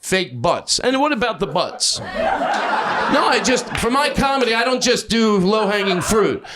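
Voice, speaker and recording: A man doing improvised stand-up in a comedy club, yelling and then mumbling his asides. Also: high voice, normal speed, heavy background noise. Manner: loud, excitable, swings between yelling and mumbling asides. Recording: live club with crowd laughter. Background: audience laughter.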